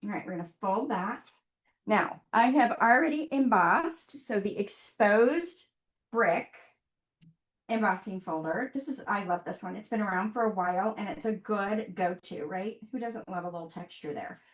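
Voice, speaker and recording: A woman's voice: mid-range voice, moderate pace. Upbeat woman chatting through a card-making demo, echoey room sound. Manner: chatty, upbeat, talks to viewers while working. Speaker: craft workshop host. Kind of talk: live online crafting demo.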